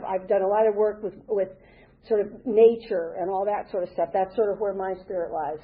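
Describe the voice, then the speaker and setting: Older woman from the South, husky, earnest and rambling recovery-meeting speaker; tinny lo-fi sound. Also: mid-range voice. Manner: earnest, rambling, with many restarts. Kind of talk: personal share at a recovery meeting. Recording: tinny phone-like recording.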